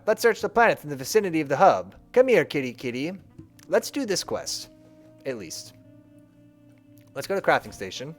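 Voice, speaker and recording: A man commenting casually on a game he is playing live, reading its dialogue aloud in playful voices. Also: fairly high pitch. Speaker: streamer.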